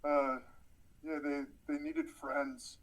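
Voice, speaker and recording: Deadpan riffing podcast co-host man. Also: fairly high pitch, slow, low-quality recording. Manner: deadpan absurd riffs, says "man" a lot. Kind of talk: casual comedic banter.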